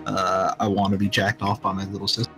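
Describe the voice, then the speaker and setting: A man hosting a casual live-stream chat, talking in a profane, animated ranting way with faint music behind. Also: sits low, fast talker.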